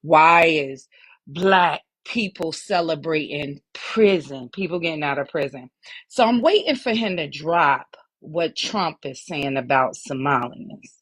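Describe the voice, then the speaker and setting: A woman calling in to a live show, asking rambling questions in a lively way. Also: deep voice, measured pace, no room sound. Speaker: caller. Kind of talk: phone-in question.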